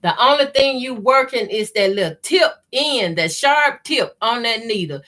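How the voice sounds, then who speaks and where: A woman's voice: fairly high pitch, expressive, moderate pace, bright, forceful tone. A middle-aged woman with a Southern country accent, chatting folksily on a live sewing stream and greeting viewers by name. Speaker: sewing channel host. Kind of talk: casual live-stream chat while sewing.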